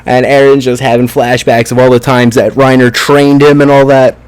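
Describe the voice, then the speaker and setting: An excitable man talks through an anime episode in a loose, casual review. He swears freely and leans on fillers as he retells the fight scenes. His voice sits at an ordinary middle pitch. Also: normal speed, clear, resonant tone. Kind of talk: casual spoken review and recap.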